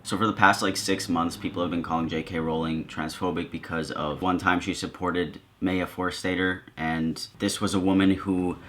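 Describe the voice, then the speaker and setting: A man's voice: sits low, level tone, moderate pace, hardly any pauses, fairly bright tone. A man talking casually to his viewers in a commentary vlog, with a sarcastic, joking manner. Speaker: video creator.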